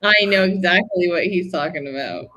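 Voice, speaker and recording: A co-host in a casual sewing chat, chatty and quick to react. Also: medium pitch, bright, forceful tone.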